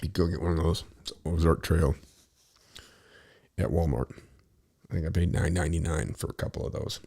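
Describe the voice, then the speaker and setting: A man's voice: very deep voice, fairly even intonation, normal speed, gravelly, warm tone, slightly rough. A man telling a long, rambling story in casual talk, profane and easily sidetracked.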